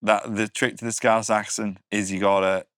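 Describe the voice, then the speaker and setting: An English man with a low, deep voice chats as a podcast guest. He is wry and self-deprecating and laughs often. The sound is dry and close, with no room echo. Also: little pitch movement, normal speed, a bit bright. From Britain. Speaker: guest comedian. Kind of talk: casual podcast chat.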